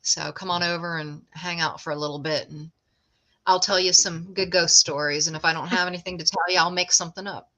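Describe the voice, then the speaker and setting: In a lowish, steady voice with a sharp edge, this middle-aged woman talks as a guest on a casual chat. She owns a ghost tour and tells her stories conversationally, joking often.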